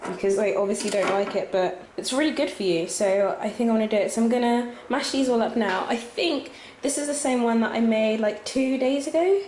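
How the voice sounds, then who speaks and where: A woman's voice: fairly high pitch, a little fast, darkish tone, a little hiss or hum. A young woman chatting casually in a vlog, rambling with lots of fillers. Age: young adult. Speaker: vlogger teaching abroad. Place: home kitchen, indoors.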